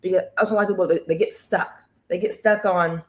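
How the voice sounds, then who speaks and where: A woman coaching viewers on a live stream, energetic and repetitive, often urging them to comment and follow. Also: on the low side, brisk. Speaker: online business coach hosting a live stream. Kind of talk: motivational live-stream talk.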